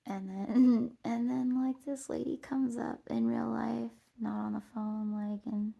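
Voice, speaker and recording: A woman with a dark, mellow voice full of vocal fry tells a wandering personal story while out on a trail. She talks loosely and casually, drops a curse here and there, and laughs at herself. Her tone stays husky and low-key throughout. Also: moderate pace, hardly any pauses. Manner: meandering, swears, laughs at herself. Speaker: vlogger. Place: outdoors on a walking trail.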